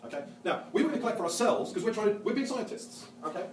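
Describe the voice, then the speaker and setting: A high-voiced man speaking quickly plays an enthusiastic, witty Victorian naturalist in a museum lecture hall, giving a lively, theatrical, joking in-character talk as an animated storyteller. The mic sits far off in the echoing hall.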